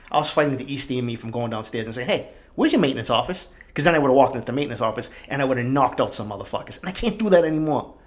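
A man from East Boston with a Boston accent, hosting a podcast and telling a fired-up, profanity-laden story into his microphone. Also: medium pitch. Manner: profane, fired-up, swears constantly. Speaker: podcast host. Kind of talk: casual storytelling rant. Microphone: studio microphone.

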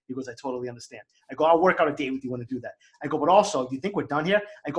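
A man with a Boston accent tells a story at a rapid clip, his voice sitting a little high for a man. He talks in a heated, profane rush, acting out both sides of the exchange. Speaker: co-host telling a story. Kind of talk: casual storytelling chat.

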